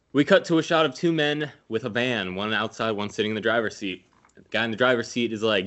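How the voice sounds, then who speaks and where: Dude with a lower voice retelling a movie, swears a ton, laughs at his own jokes. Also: normal speed, a bit bright. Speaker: podcast host recapping a film. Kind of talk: casual profane movie recap.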